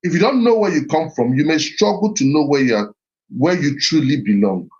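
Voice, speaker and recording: A man's voice: on the high side, lively intonation, fairly quick, a little mellow. Earnest man, slightly muffled recording. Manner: earnest, repeats himself and restarts phrases. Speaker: speaker on heritage and identity. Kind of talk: reflective motivational talk.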